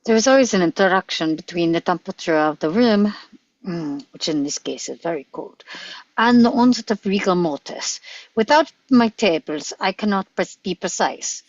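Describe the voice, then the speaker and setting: Woman voicing a careful doctor guy, lowish voice, clinical, dull lo-fi sound, table read. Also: animated, dry recording. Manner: deliberate, clinical. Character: careful middle-aged male doctor.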